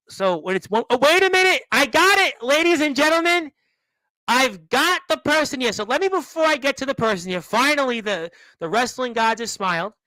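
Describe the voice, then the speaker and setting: High, bright-voiced rambling stream host. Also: male voice, no echo, low-quality recording. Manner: rambling, playful, teasing the chat. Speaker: wrestling podcast host. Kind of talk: live-stream chat, reading comments.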